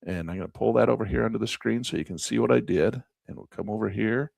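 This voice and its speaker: A man's voice: fairly low pitch, quick pace, gravelly, a little mellow, no room sound. A man teaching a screen-share trading lesson in a folksy, chatty way, often repeating himself. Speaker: trading instructor.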